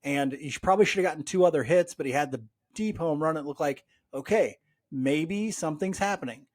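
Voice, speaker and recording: A man co-hosting a sports podcast, talking in an animated, exasperated way with plenty of fillers. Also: on the high side, fairly quick. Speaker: podcast co-host. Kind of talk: casual sports chat.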